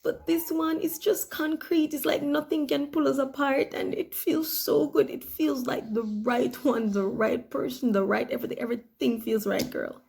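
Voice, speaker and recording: A woman's voice: high voice, fairly even intonation, normal speed, vocal fry, hardly any pauses, darkish tone. A Nigerian woman acting a newly engaged young woman, gushing and close to tears in a comedy skit. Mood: emotional.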